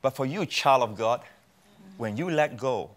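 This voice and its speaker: Male pastor, mid-pitched, emphatic, preaching as a guest in a TV studio interview. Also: expressive, a little slow. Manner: emphatic, repeats phrases for effect. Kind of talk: preaching in a talk show interview.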